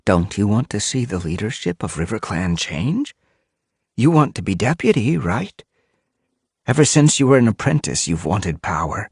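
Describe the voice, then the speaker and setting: A man's voice: fairly low pitch, moderate pace, breathy edge, dry recording, clean studio sound, voice pushed up, heavily acted. A man voicing a cool, scheming she-cat. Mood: cold. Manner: coolly persuasive, calm.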